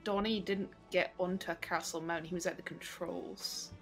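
A woman's voice: fairly low pitch, steady tone, moderate pace, faint music behind. A woman taking part as a player in a tabletop game, chatting in a light, amused way. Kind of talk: casual tabletop play.

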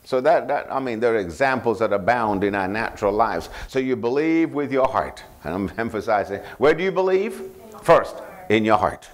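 A male pastor preaching a sermon, prompting the congregation to finish his phrases and repeating scripture references slowly for emphasis. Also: medium pitch, animated. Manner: call-and-response, asking the congregation to finish his lines.

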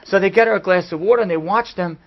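A man, a rabbi giving a class, telling a story in an animated way that swings from hushed to loud. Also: sits high, fast talker. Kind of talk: storytelling lecture. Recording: dull lo-fi recording.

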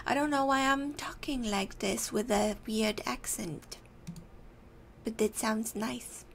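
A woman chats casually while playing a game, reacting aloud to what happens. Her voice is somewhat high and her pace unhurried. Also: fairly even intonation, vocal fry, a little hiss or hum. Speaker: let's play gamer. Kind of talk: casual gameplay commentary.

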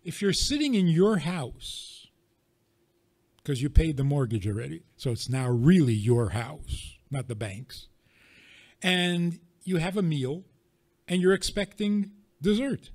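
A man speaking as a rabbi, his voice sitting a little higher than most men's. He teaches an audience, prodding them with rhetorical questions. He makes his points through wry, everyday examples. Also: lively intonation, takes it slowly, darkish tone.

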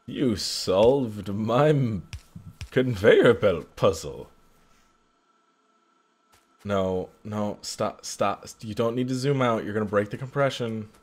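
A man's voice: lowish voice, slow, long pauses, darkish tone. A young man casually commentating his own gameplay, frustrated and muttering at himself about his mistakes. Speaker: gaming channel host. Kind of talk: casual let's play commentary.

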